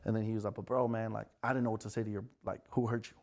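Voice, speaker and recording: An American man, a club promoter, telling stories on a podcast in a quick, profane, animated way. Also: lowish voice. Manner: fast, profane, animated storyteller. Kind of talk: casual storytelling chat.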